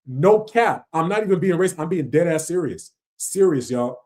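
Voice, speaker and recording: Livestream host, man, slightly high voice, slangy and animated, rants freely. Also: fairly quick. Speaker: livestream host reacting to videos. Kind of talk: casual livestream reaction commentary.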